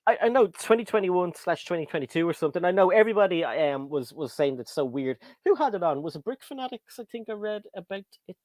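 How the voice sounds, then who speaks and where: Irish male host, high-ish animated voice, dry sound, chatty. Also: quick pace, few pauses, no room sound. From Ireland. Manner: chatty, reads out viewer comments. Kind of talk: casual chat on a livestream.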